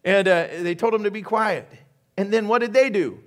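A man preaching a sermon as pastor, animated and joking, asking the congregation questions. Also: high-pitched, fairly quick.

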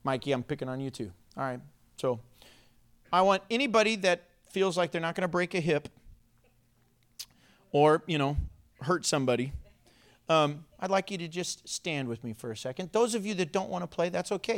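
A man preaching a sermon as pastor in a church, playful and energetic, joking with the congregation. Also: a little high, moderate pace. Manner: playful, self-mocking, energetic.

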